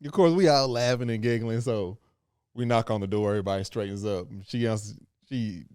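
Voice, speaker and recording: A man's voice: lowish voice, brisk, a little mellow, clean tone, dry recording, clean studio sound. A man co-hosting a podcast with his wife, laid-back and joking, often laughing as he tells stories from his youth. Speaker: podcast co-host. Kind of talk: casual chat.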